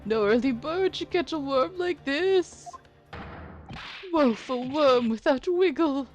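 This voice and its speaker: A woman voicing an excitable, indignant man with a mustache who shouts shrill, exasperated outbursts in a raised voice. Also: slow, faint music behind. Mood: self-pitying.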